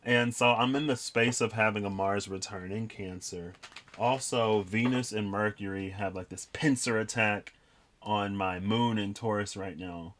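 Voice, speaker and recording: A young man with a fairly low voice talks through a tarot spread in a casual vlog. He rambles and reflects as he goes, with plenty of "like" and "um.". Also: steady tone, unhurried, fairly bright tone. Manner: rambling, reflective, lots of fillers. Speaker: tarot reader.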